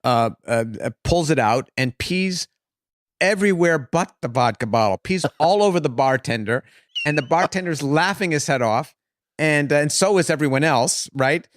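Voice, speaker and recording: A man telling a long joke in casual conversation, halting with many fillers and restarts. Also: fairly high pitch, expressive, no room sound.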